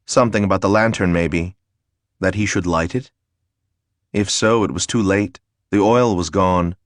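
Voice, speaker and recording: A man narrating a fantasy audiobook in a steady, measured way. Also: low voice, no echo, clean studio sound. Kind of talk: scripted narration.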